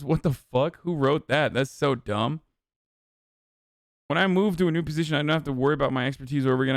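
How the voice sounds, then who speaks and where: A man's voice: a little high, no room sound, clean studio sound. A man streaming live, reading text aloud and reacting with blunt, profane, exasperated rants.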